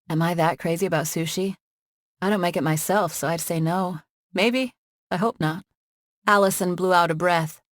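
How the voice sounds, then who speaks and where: A woman narrating an urban fantasy audiobook in an even, clear storytelling manner. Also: fairly low pitch, normal speed, no room sound. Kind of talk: scripted narration. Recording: dry studio sound.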